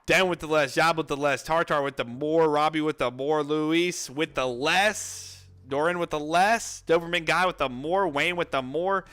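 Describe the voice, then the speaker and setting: Breathless, excitable male livestream host. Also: on the high side, clear, resonant tone. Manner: energetic, reads viewer names rapidly, excitable outbursts. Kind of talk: casual livestream chat.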